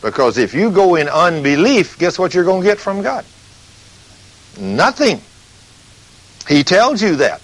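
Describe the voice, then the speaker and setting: A man's voice: high voice, very animated, measured pace, pauses often, rough recording. Dramatic male preacher. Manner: dramatic, acts out the scenes and voices he quotes; asks rhetorical questions. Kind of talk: sermon. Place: studio recording between breaks.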